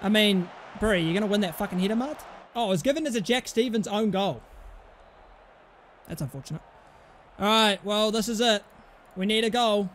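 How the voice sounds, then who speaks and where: A man's voice: sits high, moderate pace, pauses often, a bit bright. A young man reacting to a football manager game, swearing constantly and swinging from panic to screaming joy. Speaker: gaming YouTuber. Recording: faint background noise.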